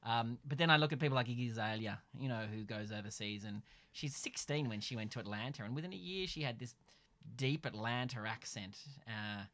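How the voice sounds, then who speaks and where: A man's voice: medium pitch, brisk, fairly bright tone. Middle-aged Australian male podcast co-host, wry and meandering. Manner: dry, wry and rambling, with many fillers. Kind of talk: casual chat. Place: a house in the evening.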